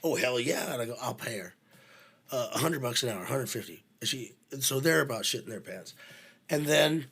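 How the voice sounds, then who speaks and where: Husky-voiced man telling a story. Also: mid-range voice, a little fast. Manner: animated, blunt, swears freely, acts out both sides of conversations. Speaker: production manager. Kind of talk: casual storytelling chat.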